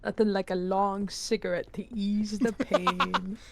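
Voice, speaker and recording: A woman's voice: mid-range voice, fairly even intonation, measured pace, very noisy. A woman chatting casually on a live stream, playful and teasing, laughing a lot.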